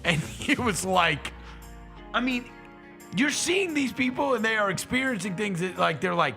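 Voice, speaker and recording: A man hosting a casual sports talk show, teasing his co-hosts and acting out quotes in an animated way. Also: high-pitched, normal speed, creaky, faint music behind. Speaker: host.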